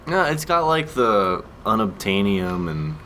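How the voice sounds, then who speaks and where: Male co-host, casual and teasing, low voice, easy laugh. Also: sing-song, unhurried, sharp tone, a little hiss or hum. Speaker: co-host watching the game. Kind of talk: casual gaming chat.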